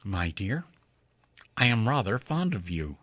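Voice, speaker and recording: A man's voice: on the low side, very animated, unhurried, a bit bright, no room sound, full character voice. A man reading the part of a nervous, precise young man who speaks in stiff, formal phrases. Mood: earnest.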